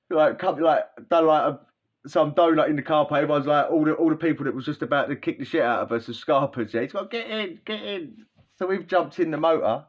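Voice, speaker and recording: A man telling a rowdy story in casual chat, rambling with frequent tag questions and laughs. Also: fairly high pitch. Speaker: podcast host telling a story. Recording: dull lo-fi sound.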